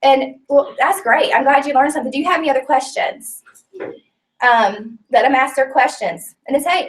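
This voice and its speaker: A woman's voice: sits high, moderate pace, far from the mic. A woman teaching a small class in a casual, chatty way, earnest and full of fillers, sometimes close to tears. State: tearful at times. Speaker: business trainer teaching a class. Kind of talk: casual live class talk. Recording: voice picked up from across a room.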